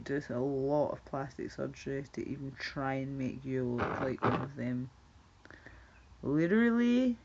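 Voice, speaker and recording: Slow gravelly Scottish woman streaming. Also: low voice. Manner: chatty, swearing, laughing, repeating words. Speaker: livestreamer. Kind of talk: casual chat with viewers. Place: at home. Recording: dull lo-fi stream audio.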